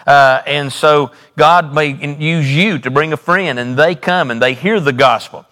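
A man's voice: on the high side, unhurried, bright, forceful tone, in a large hall. A male pastor delivering a sermon in a church, preaching with repetition and sudden rises and drops in his voice. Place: church sanctuary.

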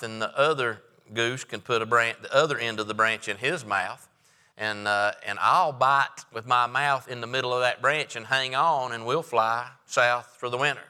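A man's voice: medium pitch, steady tone, measured pace, bright, forceful tone, clear, resonant tone, big-room sound. A man voicing an eager, scheming little frog in a joke he tells during a sermon.

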